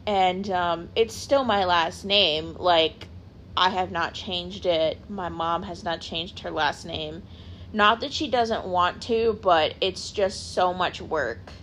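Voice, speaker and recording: A woman's voice: on the low side, fairly bright tone, a little hiss or hum. A young adult woman hosting a podcast, rambling casually on her own, peppering her talk with "like" and correcting herself as she goes. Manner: rambling, heavy use of "like", self-correcting. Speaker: podcast host. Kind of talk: casual solo chat.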